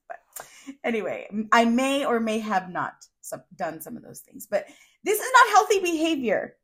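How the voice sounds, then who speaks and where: A woman hosting a solo podcast, talking to listeners in a candid, chatty way, laughing through her lines and swearing casually. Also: fairly high pitch. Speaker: podcast host.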